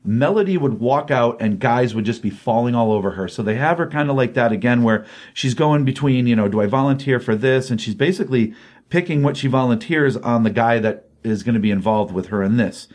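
A man's voice: mid-range voice, a little fast, a little mellow. A man giving a casual, rambling recap of a comic book issue, full of ums and you-knows.

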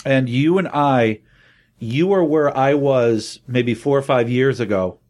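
A man in casual podcast conversation, middle-pitched and easygoing. He tells stories with energy and jumps into raised voices when he quotes characters. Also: unhurried. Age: adult, married. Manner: animated storyteller, acts out quotes in a raised voice. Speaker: podcast co-host. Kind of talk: casual chat.

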